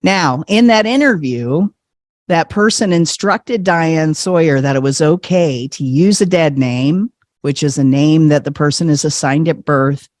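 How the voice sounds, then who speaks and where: A man telling a personal story with animated energy, slipping into other people's voices and laughing often. He is a podcast guest in casual conversation. The sound is close and dry. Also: fairly high pitch, measured pace, dry recording.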